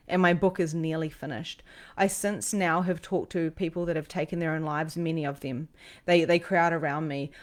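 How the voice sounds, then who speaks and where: Aussie lady psychic on a livestream, kinda low voice, rambly and emotional, lots of ums. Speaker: psychic medium and host. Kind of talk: livestream storytelling to viewers.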